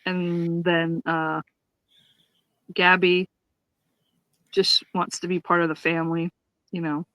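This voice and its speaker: A woman's voice: fairly low pitch, little pitch movement, takes it slowly, sharp tone, no room sound, low-quality recording. A woman co-hosting a podcast, retelling a sitcom episode in casual chat, acting out the characters' lines and laughing often. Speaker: podcast co-host reviewing a sitcom.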